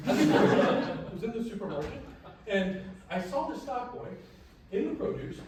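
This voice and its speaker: A man's voice: high voice, sing-song, a little slow, heavy background noise. A man in a comedy troupe telling a crude joke story to a live audience, with playful crowd banter. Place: large hall with a live audience. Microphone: far from the recording mic. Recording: echoey hall recorded from far off.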